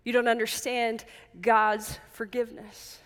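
Woman pastor, higher voice, earnest measured sermon delivery, church hall reverb. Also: level tone, clear, resonant tone. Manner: earnest, measured, with emphatic repetition.

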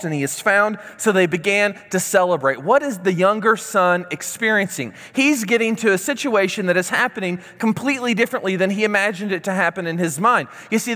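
A man preaching a sermon, reading scripture aloud and then explaining it in a relaxed, conversational way. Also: high-pitched, in a large hall.

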